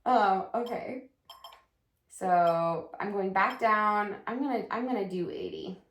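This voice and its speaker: A woman's voice: mid-range voice, takes it slowly, a bit bright. A woman teaching viola in a casual lesson, chatting, counting aloud and singing rhythms while she plays. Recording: echoey room with viola playing. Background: her own viola playing and a metronome.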